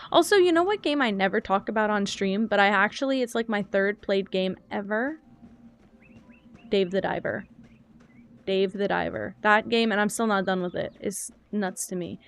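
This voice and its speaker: A young woman streaming a cozy game and chatting as she plays. She rambles from one thought to the next, thinks aloud and answers chat, with the odd filler and a medium-pitched voice. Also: moderate pace. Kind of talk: casual gaming stream chat.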